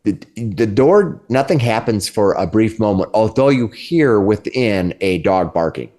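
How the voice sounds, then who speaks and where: A man's voice: fairly low pitch, animated, unhurried, dark tone. A man narrating a tabletop game as game master, often repeating words as he goes.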